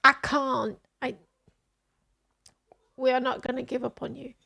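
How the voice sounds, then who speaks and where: High, animated woman streamer reacting. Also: unhurried, gravelly. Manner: animated, laughing, exclaiming while reading aloud. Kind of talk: casual live-stream reaction.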